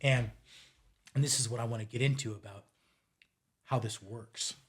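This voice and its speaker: Casual 40s guy telling a fishing trip story on a podcast, normal pitch, acts out the dialogue. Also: normal speed. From United States. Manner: animated, acts out quoted dialogue, drops to near-mutter at times. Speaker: fly shop owner and fishing guide.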